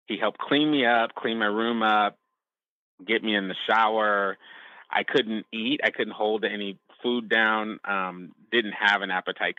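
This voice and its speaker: A man sharing a personal testimony as a podcast guest, speaking in a halting, reflective way with frequent restarts. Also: sits low, dry recording, phone-quality sound.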